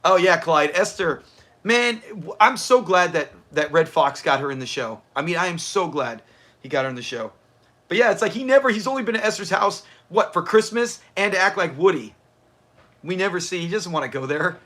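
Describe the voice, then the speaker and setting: A man's voice: high voice, very animated, a little fast, pushed and bright. A man hosting a livestream watch party, chatting casually, answering viewers and laughing often. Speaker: livestream host.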